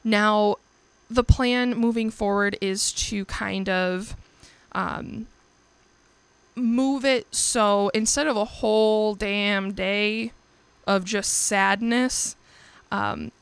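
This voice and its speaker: Gravelly-voiced young woman hosting a casual podcast. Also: medium pitch, no room sound. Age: young adult. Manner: candid and profane, laughing often. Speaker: podcast host. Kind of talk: casual solo podcast chat.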